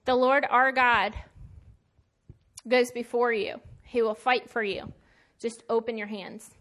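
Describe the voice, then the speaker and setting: Woman Bible teacher, fairly high voice, chatty, emphatic preaching with slang. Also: steady tone, slow, a bit bright. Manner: conversational and emphatic, with plain slangy asides. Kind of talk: casual sermon.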